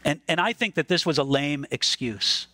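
High, animated preaching man. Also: normal speed, no echo. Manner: emphatic, earnest, repeats words when stressing a point. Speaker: pastor. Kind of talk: sermon.

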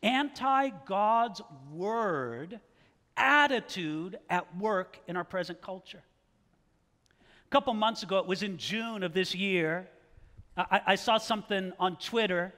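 A male pastor preaching a sermon in an animated style, firing rhetorical questions and challenges at his listeners. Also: sits high, unhurried. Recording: long hall reverb.

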